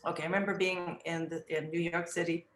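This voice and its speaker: A middle-aged woman in an interview, reflecting on teaching children in a thoughtful way, often restarting her sentences and acting out gentle phrases she would say to a child. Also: lowish voice, flat delivery, fast, slight background noise. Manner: acts out gentle words to children. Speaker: early childhood education director. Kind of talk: interview answers. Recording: roomy echo.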